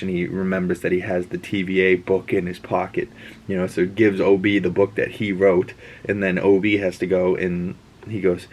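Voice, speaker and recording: A man talks through a show episode in a loose, rambling reaction style, with lots of restarts and asides. His voice sits low and comes across husky. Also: level tone, normal speed, a little mellow. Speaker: host. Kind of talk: casual reaction and episode breakdown.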